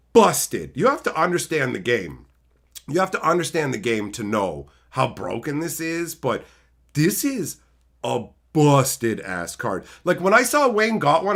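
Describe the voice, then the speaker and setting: A man tells a story in a loose, casual vlog style, swearing freely and exclaiming often. His pitch swings widely, rising high when he gets worked up and dropping low for asides. He sounds like he is talking from his own room among his card boxes. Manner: animated, profane, exclaiming. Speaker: card game streamer.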